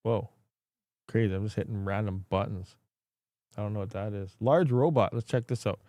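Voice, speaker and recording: A man's voice: lowish voice, normal speed, mellow. A man hosting a casual livestream, rambling, thinking aloud and laughing often. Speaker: crypto mining livestream host.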